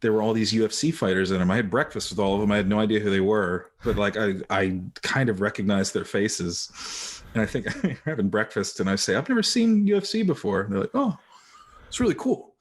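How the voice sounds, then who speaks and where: A man's voice: fairly low pitch, fairly quick. A man who is an actor, guesting on a podcast and telling stories in a laid-back, self-deprecating way. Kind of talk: casual interview chat.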